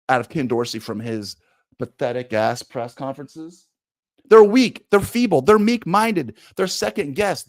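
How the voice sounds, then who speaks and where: A man's voice: a little high, dry recording. A man giving emphatic, opinionated sports commentary straight to his audience, talking bluntly and with plenty of energy.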